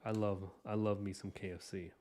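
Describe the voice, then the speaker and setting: A man with a lowish voice hosts a casual live stream and chats loosely with his viewers. He rambles with eager enthusiasm and fills his talk with "like" and "you know". Soft music plays faintly behind him. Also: level tone, normal speed. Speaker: livestream art host chatting with viewers.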